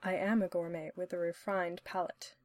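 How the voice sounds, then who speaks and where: Hannibal, a woman reading a formal, measured gourmet doctor. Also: lowish voice, flat delivery, darkish tone, close to an everyday voice. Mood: dry formal. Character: refined, dryly witty male doctor and gourmet. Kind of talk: audiobook-style story reading.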